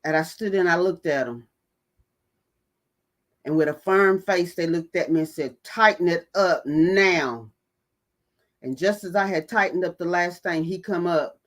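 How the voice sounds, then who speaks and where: A woman's voice: on the low side, moderate pace. A woman hosting a mental health talk channel, telling her own story to her audience and stressing key points by repeating them. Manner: emphatic, repeats key phrases for weight. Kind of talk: personal storytelling to an online audience.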